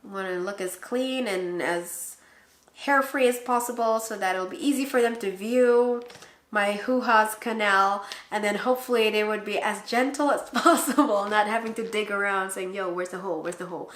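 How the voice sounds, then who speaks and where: A woman's voice: mid-range voice, moderate pace, fairly bright tone. A young woman in her twenties from the Philippines, casually chatting to camera in a vlog, laughing often and acting out quotes. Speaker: pregnancy vlogger. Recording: echoey room.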